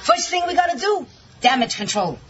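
An actress playing a businesslike talent agent in a sitcom clip. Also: female voice, very high-pitched, very animated, brisk, a bit bright, faint music behind, exaggerated voice. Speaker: sitcom character. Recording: muffled TV clip.

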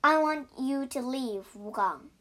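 A woman's voice: high voice, expressive, unhurried, a bit bright. A woman voicing a stern male monk who scolds reproachfully, in a storybook reading.

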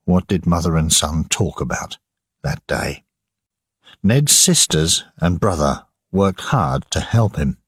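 A man narrating an audiobook for learners in a slow, measured reading. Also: low voice, animated, breathy edge, dry recording, clean studio sound.

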